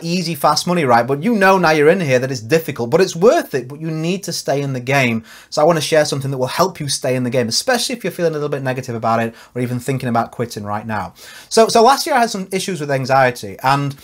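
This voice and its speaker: A man with a slightly higher voice gives an earnest, encouraging motivational talk straight to camera. He coaches his listeners in a personal, conversational way, often restarting his sentences. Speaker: network marketing coach.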